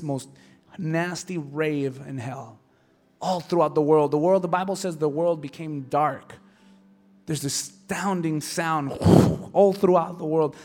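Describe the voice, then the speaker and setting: Impassioned high-voiced male preacher. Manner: impassioned, swings from hushed to shouting. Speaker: pastor. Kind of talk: sermon.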